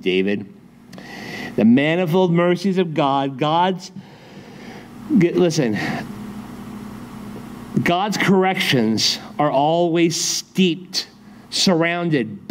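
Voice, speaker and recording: Animated casual man preaching a sermon. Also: a little hiss or hum. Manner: lively, acts out quotes with shifting pitch, chatty asides. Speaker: pastor. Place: church sanctuary.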